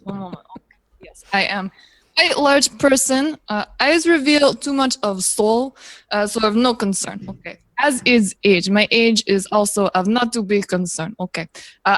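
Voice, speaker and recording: Woman doing a deadpan Russian-accented cleric. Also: mid-range voice, dry recording, natural voice. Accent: mock Russian. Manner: broken English, deadpan. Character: gruff human-eating male cleric, doctor's son. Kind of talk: tabletop role-play character voice.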